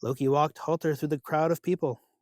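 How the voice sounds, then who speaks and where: A man's voice: on the high side, fairly even intonation, fairly quick, a little mellow, no room sound, studio quality. Man telling a myth story.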